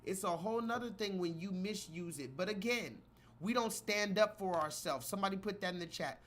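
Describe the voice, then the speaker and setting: Animated man ranting on a livestream. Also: sits high, brisk. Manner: animated, mocking, rants at chat. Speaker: livestream commentator. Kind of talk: live reaction commentary.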